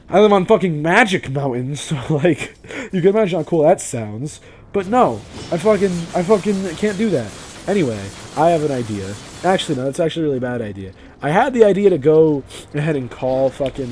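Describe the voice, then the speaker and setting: A young man from Vermont rambling and swearing through a casual game commentary, self-deprecating and quick to laugh. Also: on the high side, animated, a little mellow. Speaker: let's play commentator.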